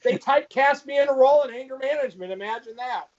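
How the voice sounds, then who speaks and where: A middle-aged man with a notably high voice joins a casual chat among friends. He tells stories in a chatty, self-mocking way. The sound is dull and lo-fi. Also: fast, a little mellow.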